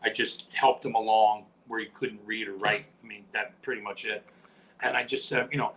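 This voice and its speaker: A man's voice: lowish voice, moderate pace, slight background noise, poor audio. A middle-aged man, a retired professional wrestler, telling stories in an interview and acting out the dialogue and sound effects. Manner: animated, acts out quoted dialogue with sound effects. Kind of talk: storytelling interview.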